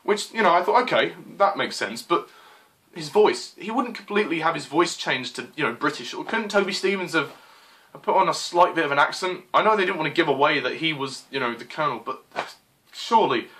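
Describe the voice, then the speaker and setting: A man's voice: on the high side, bright, forceful tone, a little hiss or hum. A young man reviewing a film in a frustrated, exclaiming rant, swearing and apologizing as he goes. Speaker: movie reviewer. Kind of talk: exasperated movie rant.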